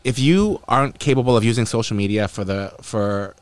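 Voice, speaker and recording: A man's voice: fairly low pitch, brisk, no echo. A man hosting a casual podcast chat, opinionated and swearing freely. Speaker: podcast host.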